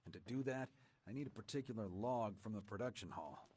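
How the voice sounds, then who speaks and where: An actor playing a stern, gruff male camp commander in a video game, speaking in a curt, commanding way. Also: on the low side, lively intonation, fairly quick, heavy background noise, natural voice.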